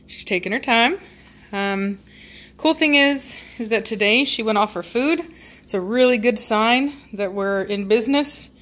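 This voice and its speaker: A woman's voice: on the high side, unhurried, a bit bright. A woman talking casually to her viewers at home while sitting with her dogs, rambling with many fillers and turning firm when she scolds the dogs. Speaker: dog breeder vlogger. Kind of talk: casual home video update.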